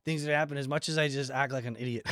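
A man's voice: medium pitch, steady tone, rapid-fire, no echo. Laid-back rambling man, dry close sound. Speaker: guest, tandem skydiving instructor. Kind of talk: casual conversation.

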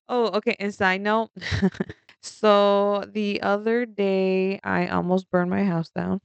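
A young woman telling a story in a casual vlog, animated and rambling, laughing often and swearing freely. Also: mid-range voice, takes it slowly, creaky, clean tone, no room sound, dull audio.

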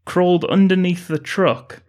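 A man's voice: high-pitched, fairly even intonation, measured pace, darkish tone. Dry-joking man. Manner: dry jokes, retells the plot. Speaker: podcast co-host. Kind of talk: casual film-review chat.

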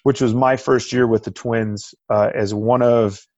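A man's voice: medium pitch, fairly even intonation, a little slow, a little mellow, dry recording, muffled recording. A man in his thirties, a baseball coach answering on a panel in a reflective, conversational way.

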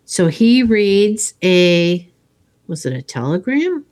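A woman's voice: lowish voice, very animated, darkish tone. A woman casually retelling a movie plot in a chat, slipping into the characters' lines as she goes. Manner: slow, storytelling with acted quotes.

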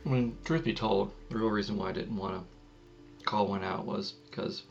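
Gravelly co-host guy, dry teasing tone, muffled mic with a little hum. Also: lowish voice, steady tone, normal speed, faint music behind. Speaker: podcast co-host. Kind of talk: casual chat. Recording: dull lo-fi mic with faint hum.

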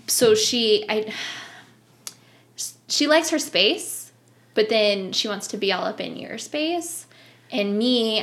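Chatty woman in her thirties, creaky voice. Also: medium pitch. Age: 30s. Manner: animated storytelling with bursts of laughter and swearing. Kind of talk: casual chat.

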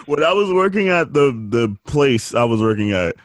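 A man's voice: fairly high pitch, very animated, a little slow, no room sound, clean studio sound. A man in casual chat who rambles, teases, and laughs often.

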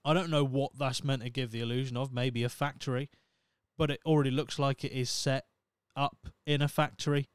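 A man's voice: mid-range voice, fairly even intonation, fairly quick, smooth, no echo, clean studio sound. A young man hosting a podcast, reading out news stories with sarcastic, sweary comic asides. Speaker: podcast host. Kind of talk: casual comedic commentary.

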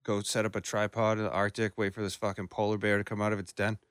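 A man's voice: lowish voice, flat delivery, fast talker, fairly bright tone, clear, resonant tone, no echo, clean studio sound. A young man in casual chat, laid-back and rambling, swearing often.

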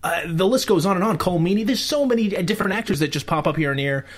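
Brief: male podcast co-host, teasing, laughing, lively rising and falling pitch, slightly high voice. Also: fast. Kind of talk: casual chat.

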